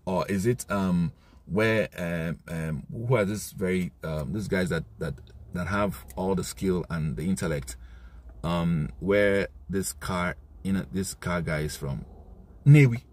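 A man with a Nigerian accent speaking in an impassioned monologue, emphatic and given to indignant outbursts, his voice worn and hoarse. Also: low voice, measured pace, darkish tone. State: losing his voice. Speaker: commentator.

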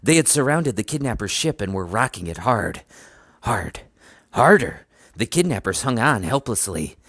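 A man narrates a children's storybook in a steady, even reading voice. His voice sits low. The recording is dry and close, with no room sound. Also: brisk, dry recording. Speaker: audiobook reader.

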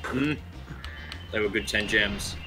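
A man's voice: lowish voice, slow pace, music in the background. A man chatting casually while racing through a speedrun, talking through his moves with self-mocking asides. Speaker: speedrun racer.

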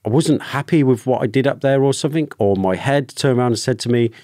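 A British ex-soldier, a man, telling a personal story candidly with halting restarts as a podcast guest. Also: medium pitch, warm tone, no room sound, studio quality. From United Kingdom. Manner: open, emotional, halting with restarts.

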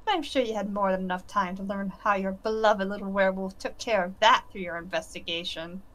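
Brief: woman voicing a stern, formal hunter who leads a trial in a visual novel, mid-pitched. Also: fairly bright tone, close to an everyday voice. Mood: cool. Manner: formal, measured, authoritative. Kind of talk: reading game dialogue aloud.

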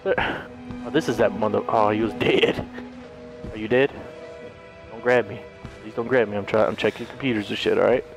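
A man's voice: lowish voice, fairly even intonation, fairly quick, vocal fry, long pauses, music in the background. A young man giving jumpy, profanity-laden commentary while playing a horror game, yelping when startled. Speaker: let's play gamer. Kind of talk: live gameplay commentary.

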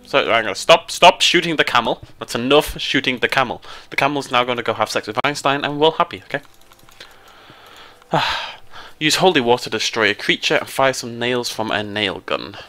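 A British man hosting a casual gameplay commentary, excitable and prone to jumping into high squeals. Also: fairly quick. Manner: excitable, jumps into high squeals when surprised or delighted. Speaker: let's play host.

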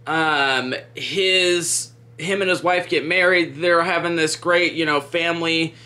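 A man's voice: a little high, fairly even intonation, slow pace, sharp tone. A man casually chatting through a true crime story while doing his makeup, rambling with lots of "like" and "um". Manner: rambling, heavy use of "like" and "um".

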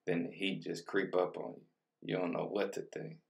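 A man's voice: sits low, flat delivery, moderate pace, gravelly, recorded from a distance. A young man casually chatting through a food vlog, talking in laid-back slang between bites. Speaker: mukbang vlogger. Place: home room with colored lighting.

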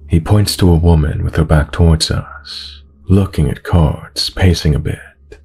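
Male horror narrator: very low, husky, slow and measured, soft music bed. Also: steady tone. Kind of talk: scripted horror story narration. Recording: narration over background music.

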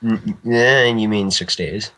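Low-voiced man rambling in casual chat. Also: moderate pace, pushed and bright, poor audio. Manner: rambling, restarts a lot, laughs often. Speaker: guest artist.

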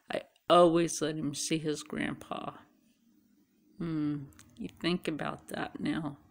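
A woman's voice: sits low, steady tone, slow pace. A tired middle-aged woman chatting casually to camera, rambling and musing aloud. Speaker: vlogger. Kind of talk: casual chat.

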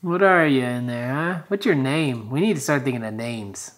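A man's voice: medium pitch, moderate pace, fairly bright tone. A young man and father chatting casually in a home vlog, teasing and joking with his wife and unborn baby. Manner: jokey, teasing, talks playfully to the unborn baby. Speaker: husband and father, vlog co-host. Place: family home.

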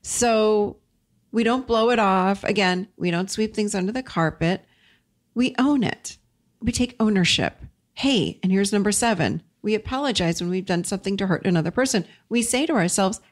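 A woman's voice: mid-range voice, normal speed. A middle-aged woman hosting a self-help show, talking earnestly through a numbered list of points. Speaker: podcast host.

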